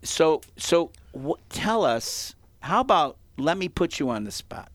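A man telling a story in casual chat as a host, animated and acting out the quotes, with frequent laughs. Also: fairly high pitch, measured pace, dry recording.

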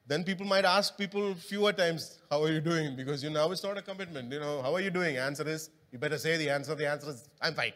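A man on the high side talks fast with hardly any pauses, his tone a bit bright. He preaches a sermon in a church hall, conversational and quizzing the congregation, under long hall reverb.

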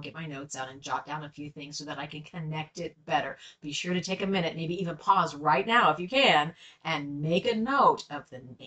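Low-voiced woman teaching Bible study. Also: a bit bright, far from the mic, low-quality recording. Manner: friendly, conversational, with fillers. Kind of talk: teaching and scripture reading.

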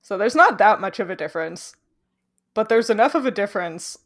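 A woman's voice: medium pitch, expressive, fairly quick. A young woman from Canada in casual chat, chatty, explaining at length and laughing often.

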